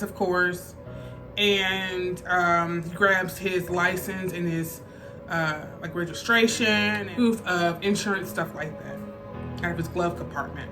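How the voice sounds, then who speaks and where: A woman telling a personal story on her vlog in a casual, chatty way, full of fillers. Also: on the low side. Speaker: vlogger. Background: faint background music.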